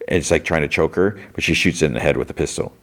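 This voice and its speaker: A man's voice: a bass voice, quick pace. A man hosting a podcast, recapping an episode in a loose, rambling way and filling his talk with "like.". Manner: rambling, heavy use of "like". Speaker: podcast host.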